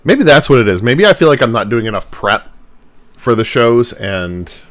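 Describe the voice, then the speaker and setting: A man's voice: medium pitch, big pitch swings, moderate pace, fairly bright tone, no room sound. A young man and podcast host chatting casually on a livestream while editing his own show, self-mocking and rambling, with some swearing.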